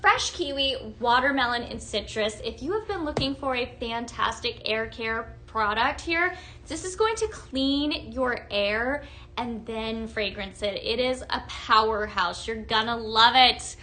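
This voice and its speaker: A young woman presenting home fragrance products hosts a live sales demonstration, gushing and chatting with viewers as she shows items. Her voice is a little high and sharp-toned, her pace unhurried, with slight background noise.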